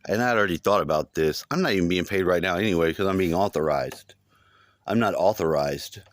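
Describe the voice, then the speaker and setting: This low-pitched man talks fairly quickly, with no room sound, as he describes a long dream for his vlog. The telling is loose and casual, packed with swearing and repeated points.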